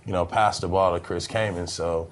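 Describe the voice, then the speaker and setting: A man with a lowish voice talks through his stories in an easy, rambling way, dropping fillers and laughing often. It's a relaxed podcast interview, with a faint noise floor under the voice. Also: moderate pace, poor audio. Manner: laid-back storyteller, laughs often, many fillers. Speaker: former basketball player guest.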